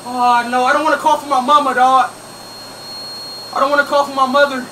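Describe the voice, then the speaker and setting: A young man livestreaming to his chat, loud, panicky and pleading. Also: very high-pitched, level tone, brisk. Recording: distant mic with clear background noise.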